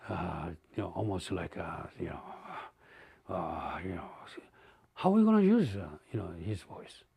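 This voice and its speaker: Male interviewee, dark husky tone, slow and hesitant, dry close recording. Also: deep voice, very animated, dry recording. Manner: halting, many fillers and restarts. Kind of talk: interview recollection.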